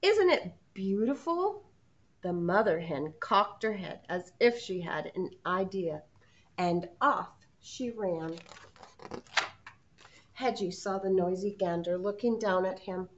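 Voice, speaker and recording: A preschool teacher reading a storybook aloud to children, asking them questions along the way. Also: female voice, lowish voice, slow pace, a little hiss or hum. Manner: expressive, asks the children questions. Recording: muffled lo-fi sound.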